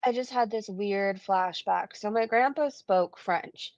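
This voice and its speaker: Gravelly-voiced woman rambling on a stream. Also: mid-range voice, a little slow, no room sound, lo-fi sound. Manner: rambling storytelling, laughs often. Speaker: livestream co-host. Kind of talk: casual livestream chat.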